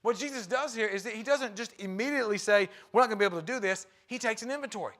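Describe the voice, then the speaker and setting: Male preacher, high voice, conversational sermon with acted-out quotes. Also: very fast, a bit bright. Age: young adult to middle-aged, a father. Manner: conversational, acts out quotes with shifting pitch. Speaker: guest preacher. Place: church sanctuary.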